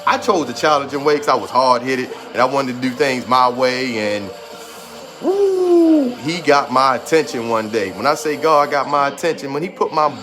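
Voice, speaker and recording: A man's voice: medium pitch, big pitch swings, moderate pace. A man in his thirties giving an emphatic, repetitive motivational talk and holding back tears. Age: 30s. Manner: trying to hold back tears. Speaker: motivational speaker. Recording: music playing behind the voice. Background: music.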